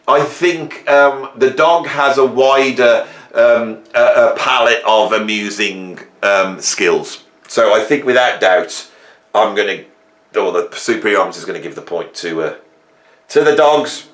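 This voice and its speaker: Bright-voiced man telling funny stories. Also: medium pitch. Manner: rambling, humorous, animated storytelling. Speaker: host. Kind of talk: casual monologue. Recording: roomy echo.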